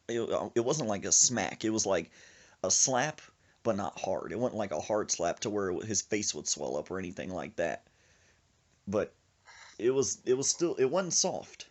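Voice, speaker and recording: A man hosting a podcast, telling a comic story with lots of laughter and acted-out voices. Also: lowish voice. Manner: animated, laughing, acts out voices. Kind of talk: comedic storytelling.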